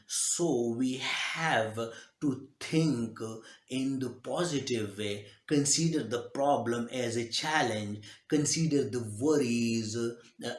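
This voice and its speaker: Slow, halting man in an echoey room. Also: medium pitch. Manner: slow, halting delivery with many fillers and restarts. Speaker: self-help speaker. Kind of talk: live motivational talk.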